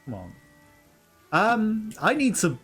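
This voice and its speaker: Let's-play host, young man, chatty and giggly, fairly high voice. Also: wildly swooping pitch, slow pace, a bit bright. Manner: chatty, laughing, reads game dialogue aloud. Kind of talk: casual gameplay commentary. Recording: game music behind.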